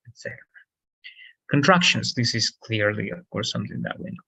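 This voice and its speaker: A man's voice: fairly low pitch, lively intonation, brisk, creaky, bright, forceful tone, husky, muffled recording. Man, Spanish native, English lesson, explanatory, self-correcting, frequent "right?" checks. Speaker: English teacher.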